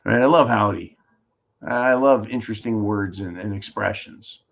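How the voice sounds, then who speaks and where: A man from California hosts a political commentary stream, ranting and answering viewer comments in a combative, sarcastic manner. His voice is fairly low and fairly bright, with vocal fry, at a moderate pace.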